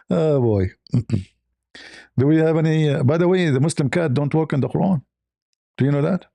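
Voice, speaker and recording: A man's voice: unhurried, gravelly, long pauses, warm tone, dry recording. A man hosting a casual talk show, rambling through a story with many restarts and fillers. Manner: rambling, many restarts and fillers, squeaky voices when quoting. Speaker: host.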